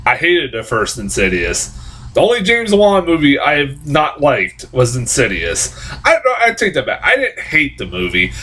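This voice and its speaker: In a slightly rough, medium-pitched voice at a moderate pace, a man rambles through an offhand movie review. He's profane and animated, constantly restarting sentences and jumping into sarcastic outbursts.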